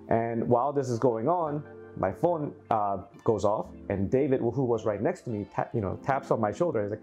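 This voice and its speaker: Lively man telling reef-show stories. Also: mid-range voice, normal speed, faint music behind. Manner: animated, acts out quotes, laughs often. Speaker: aquarium hobby YouTuber. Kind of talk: casual storytelling to camera.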